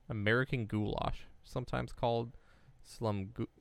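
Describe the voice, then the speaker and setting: Rambling young man with a gravelly low voice. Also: moderate pace, dry recording. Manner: rambling, lots of fillers and restarts. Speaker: podcast co-host. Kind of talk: casual chat.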